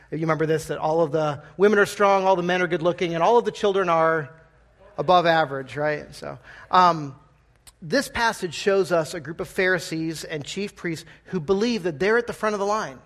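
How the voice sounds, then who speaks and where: Conversational man preaching a sermon. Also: a little high. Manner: conversational, asks the congregation questions with gentle humor. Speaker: pastor. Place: church sanctuary.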